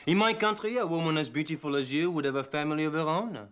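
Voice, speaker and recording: A man's voice: a little high, quick pace, heavy background noise, close to an everyday voice. A man playing a suave French tutor. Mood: flirtatious. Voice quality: smooth, theatrical and coaxing. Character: suave, flirtatious adult male French tutor. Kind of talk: sitcom acting.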